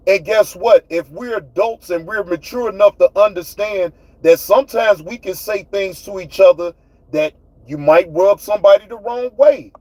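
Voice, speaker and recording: Man, livestream host, heated profane rant, very high voice, dry close sound. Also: dark tone, no room sound, rough recording. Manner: profane, fiery, talks straight to chat.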